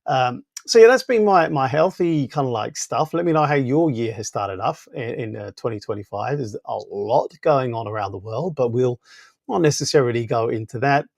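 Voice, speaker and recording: A man with a gravelly, slightly congested voice hosts a live stream, chatting in a loose, rambling way. His pitch sits in an ordinary middle range. The sound is close and dry from a small clip-on mic. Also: lively intonation, normal speed, a little mellow, dry recording. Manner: rambling, loose, full of fillers. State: voice weakened by congestion. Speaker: tech channel host. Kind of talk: casual live stream chat. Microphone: small wireless clip-on mic.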